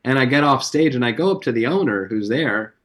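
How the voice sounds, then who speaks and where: A comedian on a podcast, telling rambling, profane anecdotes with plenty of fillers. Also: male voice, mid-range voice, expressive, a little fast, a bit bright. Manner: loose, profane storytelling with many fillers. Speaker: comedian guest.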